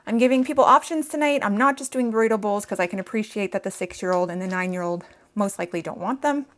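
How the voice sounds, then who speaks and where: A woman's voice: medium pitch, fast talker. A woman in her thirties from Canada, chatting to viewers while cooking in her kitchen, a little out of breath. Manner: chatty, talks straight to viewers. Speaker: home cooking vlogger. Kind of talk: casual cooking vlog chat. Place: home kitchen.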